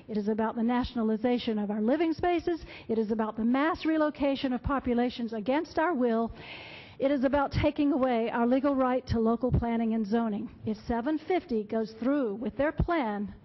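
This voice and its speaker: A woman speaking at a public comment podium, delivering a prepared, impassioned and emphatic speech with quotations. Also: fairly high pitch. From Florida. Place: county commission meeting room. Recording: dull lo-fi public meeting audio.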